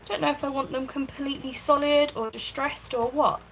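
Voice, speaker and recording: A woman's voice: sits high, fairly even intonation, fairly quick, a bit bright, slight background noise, poor audio. A woman hosting a casual craft livestream from her home craft room, chatting, thinking aloud and thanking viewers by name. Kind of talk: casual live-stream chat while crafting.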